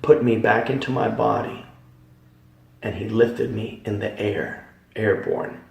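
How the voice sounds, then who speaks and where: A man giving a dramatic Christian testimony, emphatic, swinging from hushed tones to loud ones. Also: on the low side, steady tone, unhurried, creaky. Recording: echoey hall, voice from far off.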